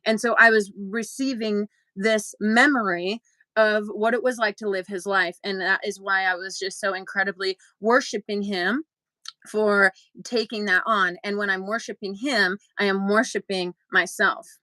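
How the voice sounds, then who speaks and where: Bright-voiced woman telling an animated story. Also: moderate pace, no room sound, rough recording. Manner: animated, acts out quotes with big pitch jumps. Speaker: podcast co-host. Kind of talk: casual storytelling chat.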